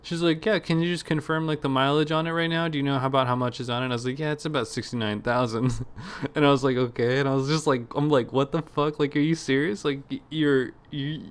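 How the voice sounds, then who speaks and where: Animated young man telling a story. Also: mid-range voice, fast talker, clear, resonant tone. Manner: animated, laughing, mimics callers, swears freely. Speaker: podcast co-host. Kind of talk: casual storytelling chat.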